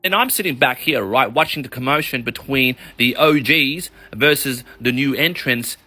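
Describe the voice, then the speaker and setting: A man's voice: medium pitch, moderate pace, bright, forceful tone. A man, a mortgage broker and vlogger, telling a comedic ranting story full of swearing.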